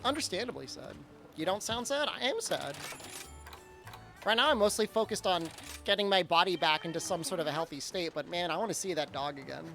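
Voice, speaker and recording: Animated rambling male streamer. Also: sits high, brisk, creaky, over music. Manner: rambling storyteller, frequent fillers and restarts. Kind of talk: casual chat during a live game stream.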